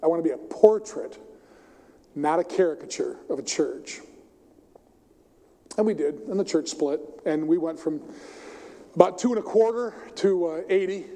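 A middle-aged male pastor preaching a sermon, telling stories animatedly and acting out the characters. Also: fairly high pitch. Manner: storytelling, animated, acts out the characters. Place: church sanctuary. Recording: long reverb of a church hall.

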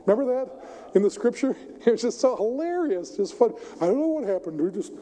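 A middle-aged male pastor preaches in a church sanctuary with a very high-pitched voice at a fairly quick pace, animatedly telling stories and acting out the characters. The church hall's long reverb trails his words.

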